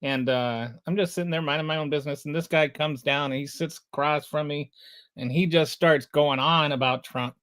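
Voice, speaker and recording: A middle-aged man hosts a casual talk show, speaking a little higher than most men. He tells stories in a loose, rambling way with plenty of filler words. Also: normal speed, clean tone. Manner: animated anecdote teller, rambling with filler words. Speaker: podcast host. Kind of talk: casual conversational storytelling.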